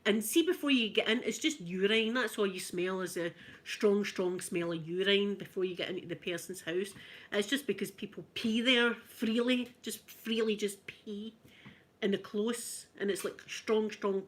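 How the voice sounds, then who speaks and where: A woman's voice: medium pitch, moderate pace. A middle-aged Scottish woman with a Glasgow accent, telling stories in a casual, chatty way with frequent "right?" asides. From Scotland. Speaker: vlogger. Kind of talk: casual storytelling while ironing.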